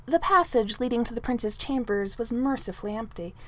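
Expressive woman reading a story aloud. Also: a little high, a little fast. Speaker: narrator. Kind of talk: audiobook narration of fan fiction.

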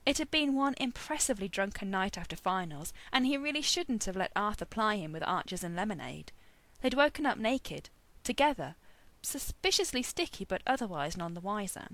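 Expressive woman reading a story. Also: medium pitch, moderate pace, few pauses, no echo. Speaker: narrator.

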